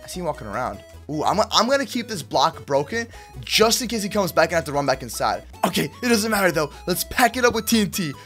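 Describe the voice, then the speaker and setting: A man's voice: high voice, very animated, quick pace, fairly bright tone, soft background music. A man hosting Minecraft gameplay commentary, hyped and slangy, talking straight to his viewers. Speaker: gaming YouTuber.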